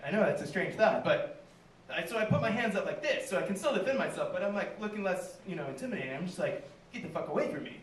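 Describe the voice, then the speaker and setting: High-voiced comic in an echoey room. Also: male voice, expressive, fast, a little hiss or hum. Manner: storytelling with acted-out quotes, laughing at his own jokes. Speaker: stand-up comedian. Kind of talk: stand-up comedy set. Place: small live venue. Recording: echoey room, mic heard from a distance.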